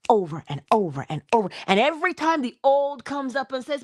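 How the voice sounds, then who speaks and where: A woman's voice: mid-range voice, sing-song, moderate pace. Woman, motivational speaker, playful, conversational, coaching tone, mid-range voice. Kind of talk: inspirational talk.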